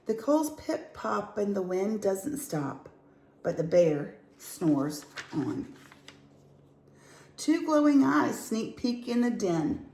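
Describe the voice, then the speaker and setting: Woman storyteller, slow and sing-song, echoey room. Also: mid-range voice. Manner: lively, sing-song rhymes. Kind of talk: reading a picture book aloud.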